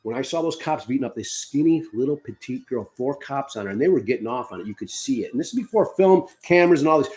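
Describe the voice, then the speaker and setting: A middle-aged man co-hosting a podcast, telling stories in a casual, excitable and profane way. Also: mid-range voice. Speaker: podcast co-host. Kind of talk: casual live-stream chat.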